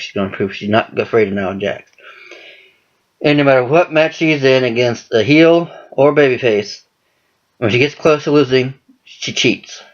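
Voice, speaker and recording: A man talking casually and profanely about wrestling storylines, rambling with lots of cursing. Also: medium pitch. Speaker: wrestling fan commentator. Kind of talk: casual monologue. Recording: dull lo-fi recording.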